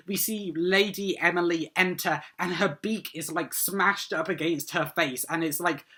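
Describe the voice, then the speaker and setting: Bright-voiced man rambling through a review. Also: fairly high pitch. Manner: rambling, full of "um" and "like", eager. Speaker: TV episode reviewer. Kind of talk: casual solo review monologue.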